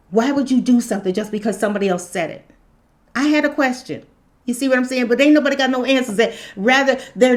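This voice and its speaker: A woman giving an impassioned spoken commentary, asking question after rhetorical question. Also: on the high side. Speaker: spiritual commentator.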